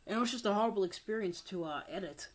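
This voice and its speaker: Speaking quickly in a mid-range voice, the young woman who runs the channel offers laid-back commentary while recuperating from illness, so her delivery is mumbled and halting. A home desk microphone picks her up.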